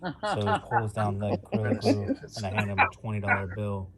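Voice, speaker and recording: A young man doing a halting, deadpan stand-up set over a video call, full of fillers. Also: lowish voice, over a noisy crowd. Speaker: stand-up comedian.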